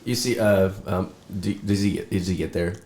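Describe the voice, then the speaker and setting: A man's voice: low voice, moderate pace, a little mellow, echoey room. A man playing a tabletop game, talking casually with hesitations, laughs and swearing. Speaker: player.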